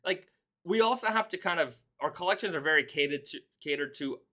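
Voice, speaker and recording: Bright-voiced man chatting on a live stream. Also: fairly high pitch, expressive, fairly quick. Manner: rambling, reads viewer comments aloud. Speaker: host. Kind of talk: casual live-stream chat.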